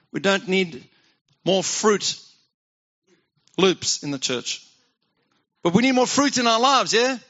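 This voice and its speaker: A man's voice: high-pitched, pushed and bright, highs cut off. A man preaching a sermon as pastor, talking conversationally and asking the congregation questions.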